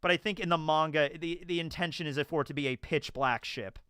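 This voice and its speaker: A man hosts a video, telling stories and commenting in a rambling, filler-heavy way. His voice runs on the high side, slightly fast, sharp yet smooth, recorded cleanly in a studio with no room sound.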